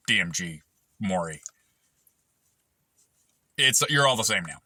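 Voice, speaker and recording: A man's voice: medium pitch, lively intonation, a little slow, long pauses, sharp tone, dry recording. A middle-aged man and machinist vlogger rambling in a crude, profane monologue, swearing constantly and jumping from one tangent to the next.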